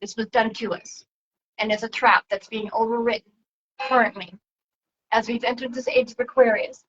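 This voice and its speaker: A woman talking casually on her own broadcast as a spiritual channeler, soft and reflective, drifting from one thought to the next. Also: on the high side, fairly even intonation, moderate pace, muffled recording, slight background noise. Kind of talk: casual spiritual livestream talk.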